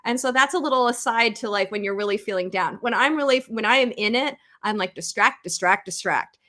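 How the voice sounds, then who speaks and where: A woman's voice: a little high, fast talker, pushed and bright. An American woman in her thirties, a psychologist guest on a podcast, speaking candidly and conversationally as she retells her own thoughts. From United States. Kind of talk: podcast interview.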